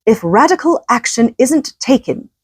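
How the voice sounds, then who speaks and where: A woman's voice: on the high side, big pitch swings, a little slow, husky, dry recording, clean studio sound, voice pushed up, heavily acted. A woman doing a put-on English accent as a pompous British male politician giving a grand, oratorical speech. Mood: warning.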